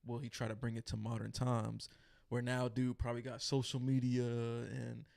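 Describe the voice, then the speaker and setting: On a horror news podcast, this male co-host speaks at medium pitch and normal speed with a flat delivery, vocal fry and a darkish tone. His talk is casual and colloquial, relaxed and full of trailing fillers.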